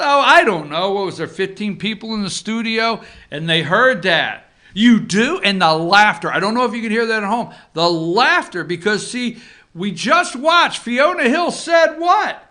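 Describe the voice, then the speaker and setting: A male host with a bright, forceful voice talks casually to his audience, leaning on asides to keep them with him. His pitch swings widely as he goes. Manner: animated, talks straight to viewers with frequent 'okay?' asides. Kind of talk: casual opinion commentary. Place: office.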